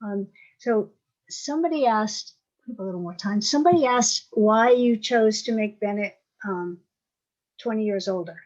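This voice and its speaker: Halting woman moderator, lo-fi audio. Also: mid-range voice, a little mellow. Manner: halting, with many fillers. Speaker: event moderator. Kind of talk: moderating an author Q&A.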